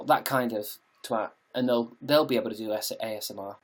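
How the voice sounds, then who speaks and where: A man's voice: mid-range voice, normal speed, few pauses. A British man chatting casually on a live stream, reading out viewer comments and answering them in a jokey, sweary way from his home.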